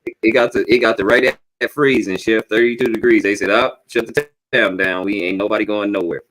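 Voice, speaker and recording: A man's voice: lowish voice, steady tone, fast, a bit bright, rough recording. A man joins a podcast conversation as a co-host. He talks bluntly and easily, full of slang. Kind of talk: casual chat.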